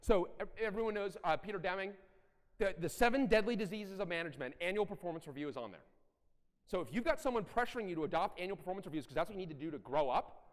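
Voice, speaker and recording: A middle-aged man giving a conference talk, animated and blunt, with self-deprecating asides and occasional profanity. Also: high voice, quick pace. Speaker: conference speaker. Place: large conference hall. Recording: echoey hall.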